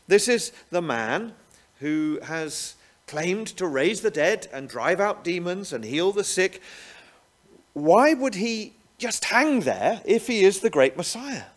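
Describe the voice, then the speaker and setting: Animated preacher, man. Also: on the high side. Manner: animated, rhetorical tag questions. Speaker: pastor. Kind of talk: sermon.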